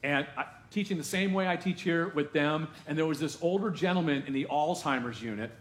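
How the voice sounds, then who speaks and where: A man's voice: a little high, brisk, a bit bright. Man preaching in an echoey church. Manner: conversational preaching with asides to the congregation. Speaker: pastor. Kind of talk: sermon. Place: church sanctuary.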